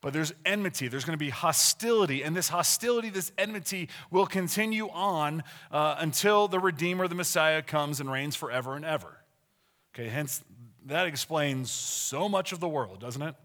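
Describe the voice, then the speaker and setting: Middle-aged male preacher, bright and slightly high voice, emphatic and conversational, asks the audience questions. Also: normal speed. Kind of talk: sermon.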